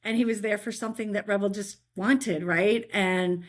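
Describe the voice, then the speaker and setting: As a guest, a middle-aged woman shares a faith-filled personal story, animated and chatty. Her mid-range voice keeps a normal speed, and she often checks in with "right?".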